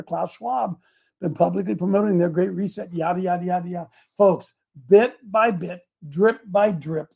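High-pitched male preacher, fiery sermon, shouts then murmurs. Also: vocal fry, breathy edge. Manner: shouts peaks, then drops to soft asides. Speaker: preacher addressed as coach.

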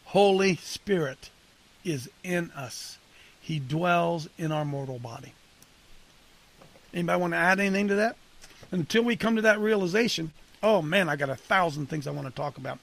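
A man's voice: fairly high pitch, normal speed, creaky, fairly bright tone. A man coaching and casually preaching to a men's group, conversational and punchy, calling on listeners by name.

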